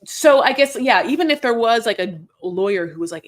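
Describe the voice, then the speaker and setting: A woman's voice: fairly high pitch, expressive, brisk, few pauses. A woman host chatting casually as she recaps reality TV. She rambles, talks in circles and swears.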